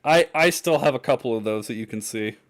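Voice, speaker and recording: A man's voice: medium pitch, brisk. A young man co-hosting a podcast, chatting casually with frequent restarts and easy laughter. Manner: hesitant, restarts often, laughs easily. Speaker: podcast co-host. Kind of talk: casual chat.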